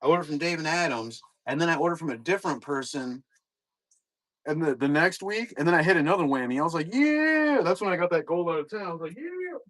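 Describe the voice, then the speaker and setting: A man's voice: a little high, fast talker, fairly bright tone, no room sound, clean studio sound. A middle-aged man, casually rambling to chat viewers while opening card boxes on a live stream. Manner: rambling, laid-back, talks to chat viewers.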